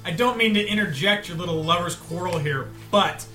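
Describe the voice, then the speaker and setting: A man's voice: high-pitched, a little fast, soft background music. A man playing a sarcastic, impatient young man who snaps out demands in a tabletop game. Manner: sarcastic, then shouting demands. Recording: roomy echo.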